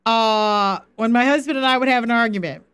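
This high-pitched woman, a Bible teacher and faith coach, teaches scripture in a casual live-stream format. Her delivery is brisk and her tone clean, and she laughs readily while playing out short quoted lines to illustrate her ideas.

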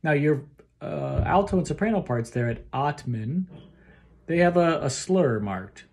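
Man, choir director, recorded rehearsal lesson, warm dark tone, slow careful explaining, sings short snippets. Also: on the high side, animated, creaky. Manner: talks through phrasing, sings snippets of the text; ends points with a questioning okay.

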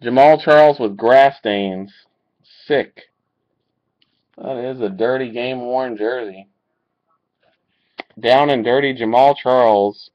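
A man rips card packs on a live webcam break, calling each card in a slow, unhurried way and getting excited over good pulls. His voice comes through a muffled, lo-fi webcam mic. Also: mid-range voice. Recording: dull lo-fi webcam audio.

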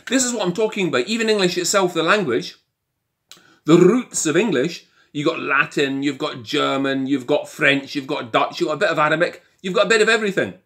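An older man with a Scottish accent, delivering an animated opinion monologue full of rhetorical questions. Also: a little high, brisk. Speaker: commentator.

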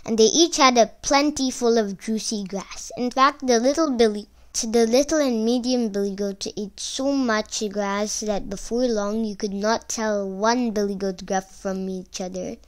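A woman reading a children's fairy tale aloud in an expressive storytelling manner. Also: on the high side, measured pace, few pauses.

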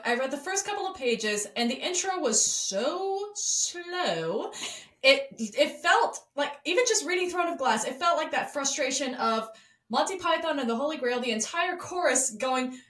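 A woman hosting a casual book podcast, chatty and quick, often restarting her sentences. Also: sits high, lively intonation, a bit bright, reverberant. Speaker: podcast host. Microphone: remote recording software.

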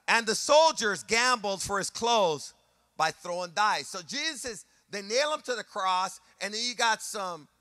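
A man's voice: high voice, bright, forceful tone, no echo, studio quality. A male pastor preaching a sermon with passion, repeating phrases for emphasis and rising into a sung preaching cadence.

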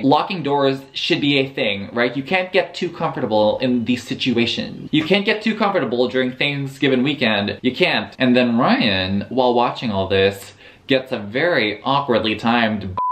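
A man chatting casually as a book vlogger, recapping a novel with sarcastic, animated storytelling. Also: medium pitch. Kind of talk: casual book review chat.

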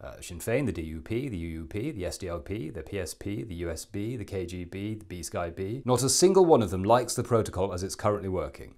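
A man's voice: low-pitched, animated, fast, few pauses, darkish tone. A man doing a satirical impression of a bumbling, smug British prime minister, blustering through a comic monologue with chuckling self-mocking asides. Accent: English.

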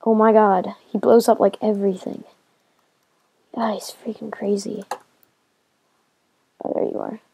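A woman giving casual commentary as she plays a video game, talking to herself and getting excited as she goes. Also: medium pitch, measured pace, vocal fry, pauses often, a little hiss or hum. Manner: excitable, talks to herself while playing. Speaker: gamer.

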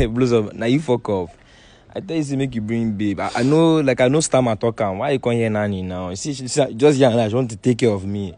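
A man with a Nigerian accent, a contestant in a comic blind-date skit, loud and mocking and talking over others. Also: mid-range voice, brisk. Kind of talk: comic skit banter in Pidgin English.

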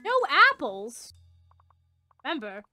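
A woman's voice: fairly high pitch, big pitch swings, slow, pushed and bright, no echo, faint music behind. A young woman doing playthrough commentary, playful and jokey, swearing freely and putting on silly voices as she reads the game's lines aloud. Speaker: let's player.

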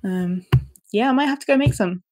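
A young woman chats on a podcast she co-hosts, breaking into laughter often. Her voice sits at a middle pitch, and the recording is dry and close. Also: animated, fairly quick, darkish tone, dry recording. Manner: giggly, laughs often, chatty. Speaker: podcast co-host. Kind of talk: casual chat.

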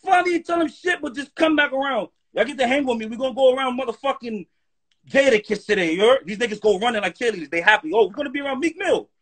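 A man's voice: extremely high pitch, quick pace, breathy edge. A man talking as a guest on a live stream in a heated, profane rant, often checking "you heard?". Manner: profane, animated, keeps asking "you heard?".

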